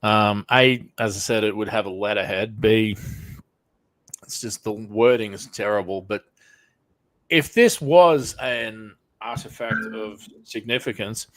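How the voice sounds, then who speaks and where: A man's voice: lowish voice, no room sound. A man co-hosting a casual podcast, skeptical and dry, laughing often. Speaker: podcast co-host. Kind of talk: casual chat.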